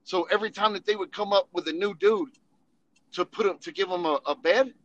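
A man's voice: high voice, brisk, dull audio. A man telling funny army stories in casual, profane storytelling, laughing and acting out voices as he goes. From Tennessee.

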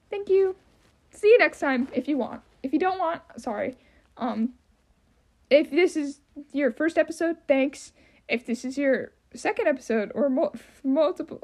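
A young adult woman hosts her own podcast, rambling casually with plenty of "um" and "like" and self-deprecating asides. Her voice is high and squeaky, and a little mellow.

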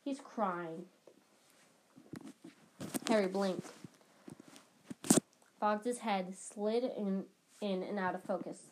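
A woman's voice: medium pitch, steady tone, slow pace, pauses often, heavy background noise. A woman reading a novel aloud as an audiobook host, dramatic and often repeating phrases as she goes. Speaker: audiobook reader.

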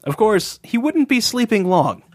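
Male comedy narrator, cozy storybook delivery, slightly high voice. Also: sing-song, a little slow. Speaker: narrator and co-host.

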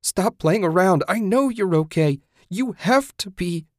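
A man's voice: sits high, animated, measured pace, no room sound, clean studio sound, voice pushed up. A man voicing a distraught young female college student in an audiobook, pleading and screaming in shock. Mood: desperate.

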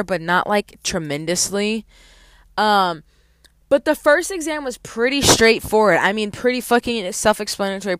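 A woman's voice: mid-range voice, a bit bright, smooth, no room sound. A young woman, a college student, ranting casually and profanely in an exasperated way. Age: young adult.

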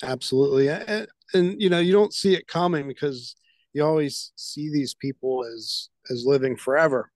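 A man co-hosting a podcast, relaxed and reflective in casual chat, with frequent fillers. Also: a little high, normal speed, no echo. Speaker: podcast co-host.

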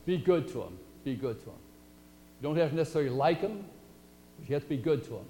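A man's voice: a little high, big pitch swings, quick pace, mellow. A man preaching a sermon in a folksy, conversational storytelling manner. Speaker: pastor. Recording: echoey hall, faint hum.

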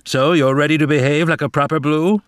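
A man's voice: on the high side, steady tone, a little fast, clean tone, no echo, clean studio sound, pitched above the performer's own voice, lightly acted. A man reading a storybook aloud, voicing a proud, disapproving father cat who scolds his son. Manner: scolding, pompous.

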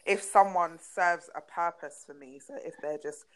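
A young woman chatting on a podcast, frank and animated as she tells a story. Her voice sits a little low and she swears without a second thought. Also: moderate pace, rough recording. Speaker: podcast co-host. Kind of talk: casual chat.

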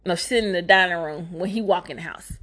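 A woman casually recapping a movie plot, cursing freely and breaking into loud, high-pitched outbursts of disbelief. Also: quick pace. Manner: animated, profane, jumps into high exclaiming outbursts.

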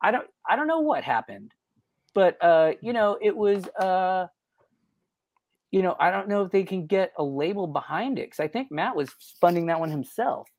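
A man's voice: sits high, big pitch swings, moderate pace, a little mellow, no room sound. A man, a guest on a podcast, telling studio stories in a loose, rambling way, full of fillers. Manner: rambling, full of "you know" fillers, laughs at himself. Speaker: guest, record producer and engineer. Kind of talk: casual storytelling in a podcast interview.

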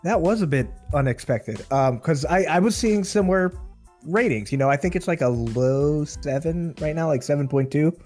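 A man's voice: fairly high pitch, moderate pace, faint music behind. A man co-hosting a film podcast, chatting casually, laughing and asking questions. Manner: relaxed, laughing, asks questions. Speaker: podcast co-host. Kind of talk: casual chat.

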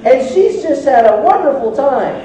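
A pastor in his forties tells stories during a sermon with lively, self-mocking humor, his voice high and mellow at normal speed. He's recorded from a distance in a very echoey church sanctuary, with a faint hiss underneath.

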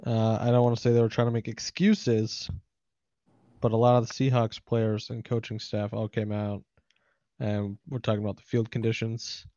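An American man with a middle-range voice chats easily about sports, weighing in calmly and a little unsure. His mic sounds dull and lo-fi, and the sound is dry. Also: fairly low pitch, normal speed, dry recording. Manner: relaxed, thoughtful, chiming in. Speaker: sports podcast co-host. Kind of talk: casual sports chat.

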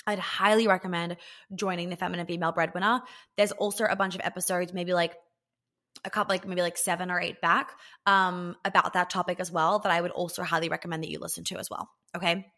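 A woman's voice: on the low side, sharp tone. A woman hosting a podcast, giving casual dating advice in a candid, coaching way, swearing freely and acting out little scenes.

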